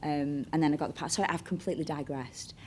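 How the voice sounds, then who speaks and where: A woman's voice: low-pitched, steady tone, quick pace, darkish tone, slight background noise. A woman with a Bolton accent, a chatty, digressive storyteller who acts out the voices of people she is quoting in an onstage interview. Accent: Northern English, Bolton. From Bolton, Northern England. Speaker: actress, interview guest. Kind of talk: onstage interview, anecdotal chat.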